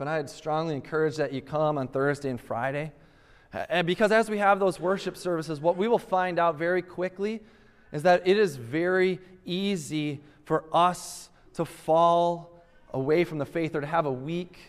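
A man's voice: fairly high pitch, moderate pace, in a large hall. A male pastor preaching a sermon, emphatic and repeating rhetorical questions to press his point.

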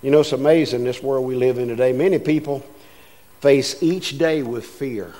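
A man's voice: mid-range voice, normal speed, dark tone. An older man preaching a folksy sermon, telling homespun stories and acting out the voices in them. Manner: homespun storytelling, acts out voices in anecdotes.

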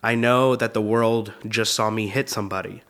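A man's voice: fairly low pitch, fairly even intonation, moderate pace, a bit bright. A man impersonating a sheepish male actor who pleads to be let off. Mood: pleading. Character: famous male actor sheepishly excusing himself.

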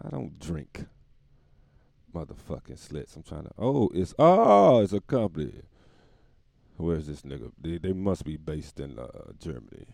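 A tired man rambling through a casual comedic monologue, laughing often and breaking into loud put-on voices. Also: low voice, gravelly, no echo. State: dog tired.

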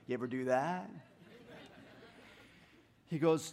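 A man preaching a sermon, telling stories in an animated, self-deprecating way and swinging between hushed and loud delivery. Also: fairly high pitch, moderate pace. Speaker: pastor. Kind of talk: sermon with storytelling.

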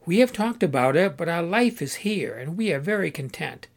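A man's voice: fairly high pitch, big pitch swings, normal speed, vocal fry, full character voice. A man voicing a cheerful, busy homemaker mother in a storybook, talking in a chirpy, eager way.

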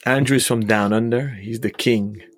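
A man's voice: medium pitch, fairly even intonation, normal speed, no room sound, studio quality. A man co-hosting a podcast, friendly and teasing toward the guest. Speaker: podcast co-host.

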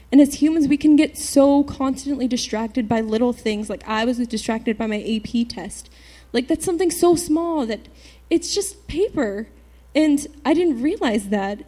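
A teenage girl giving an earnest church testimony, halting, with many fillers and restarts. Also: on the high side, mellow. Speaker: youth speaker giving a testimony. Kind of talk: personal testimony to a church group.

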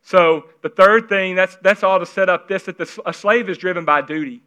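A man preaching a sermon in an earnest, conversational way, at times dropping into hushed, intimate tones, on a slightly dull recording. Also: sits high, brisk, smooth. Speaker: pastor.

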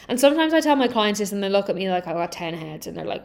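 A young adult woman hosting a podcast as a healing coach, talking in a candid, energetic, casual monologue and swearing freely. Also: medium pitch, rapid-fire, gravelly.

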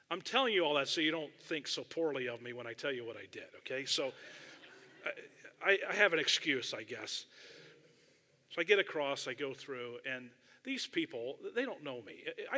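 A man's voice: medium pitch, pushed and bright. A middle-aged man preaching a sermon, telling a self-deprecating personal story in a conversational way with frequent asides. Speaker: pastor. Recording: long hall reverb.

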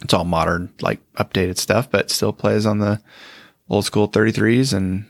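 A man's voice: fairly low pitch, fairly even intonation, normal speed, gravelly, no echo, clean studio sound. A middle-aged man co-hosting a podcast in casual, wry chat. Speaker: podcast co-host.

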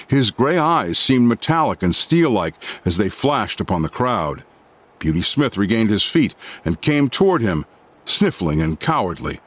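A man reading a classic novel aloud as an audiobook narrator, expressive and dramatic. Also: lowish voice.

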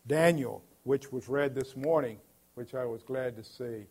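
Gravelly, earnest man preaching. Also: mid-range voice, unhurried. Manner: earnest, emphatic preaching with loud swells. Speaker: pastor. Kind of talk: sermon.

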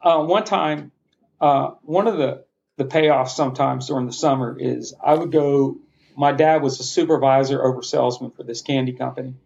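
A middle-aged man telling a personal family story as a podcast guest, heartfelt and passionate with halting restarts. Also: medium pitch, steady tone, vocal fry, a little mellow. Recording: slightly muffled lo-fi sound.

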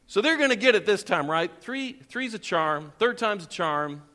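Male pastor, high and bright voice, lively sermon delivery, long church-hall reverb. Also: measured pace. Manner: animated, questions the congregation, chuckles often. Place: church sanctuary.

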